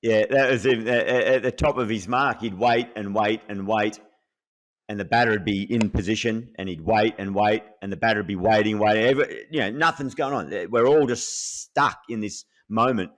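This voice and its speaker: A man's voice: on the low side, normal speed. A middle-aged man, a former cricketer, recalling an old rival in earnest, reflective podcast chat.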